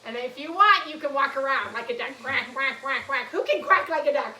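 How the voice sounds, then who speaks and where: A woman teaching a yoga class to young children, gentle and playful, coaxing them through poses. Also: high-pitched, expressive, quick pace, a little hiss or hum. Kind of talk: guided kids' yoga lesson. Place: room in a nursery school. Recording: echoey room, mic at a distance.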